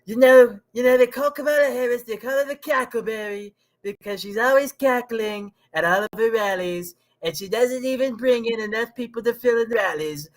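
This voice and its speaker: A man's voice: very high-pitched, normal speed, voice pushed up, rough recording. A man doing a mocking impression of a boastful older male politician. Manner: brash, repetitive, mocking.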